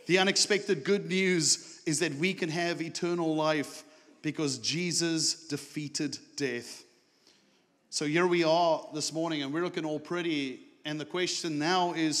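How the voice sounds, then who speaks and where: Animated preacher, bright high voice. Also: male voice. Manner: animated storytelling, rising to excited shouts. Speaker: pastor. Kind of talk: sermon. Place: church sanctuary. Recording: echoey church hall.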